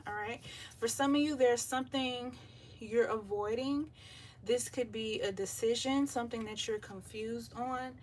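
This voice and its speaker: A woman giving a live tarot reading in a relaxed, chatty way with lots of filler ums, out of breath as she talks. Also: a little high, unhurried. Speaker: tarot reader. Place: home by the beach, windows open. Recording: voice a bit far from the mic, faint surf noise. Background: faint beach waves.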